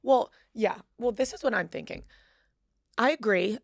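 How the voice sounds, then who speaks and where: A woman from Boston hosting a podcast, chatting casually with a co-host, gushing excitably and swearing freely. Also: a little high, moderate pace, vocal fry, no room sound, studio quality. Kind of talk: casual chat.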